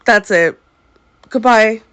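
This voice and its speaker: A woman's voice: a little high, slow, a bit bright, clear, resonant tone. A woman vlogger giving opinionated commentary, sassy and exasperated, speaking straight at the person she criticizes. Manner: sassy, exasperated, addresses her subject directly.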